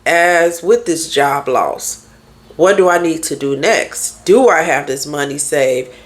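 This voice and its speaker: Candid woman therapist, slightly low voice. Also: lively intonation, slow pace. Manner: candid, conversational, fires off rhetorical questions. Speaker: therapist and life coach. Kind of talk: casual podcast monologue.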